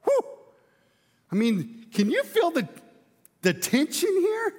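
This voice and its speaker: A man's voice: very high-pitched, wildly swooping pitch, takes it slowly, darkish tone, long reverb tail. A male pastor preaching a sermon, emphatic, driving his points home with repeated rhetorical questions.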